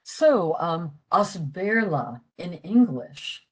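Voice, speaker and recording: An older woman explaining a language lesson for a library talk, halting with many fillers. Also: on the low side, sing-song, breathy edge, poor audio. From western Pennsylvania, USA. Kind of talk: explaining a lecture.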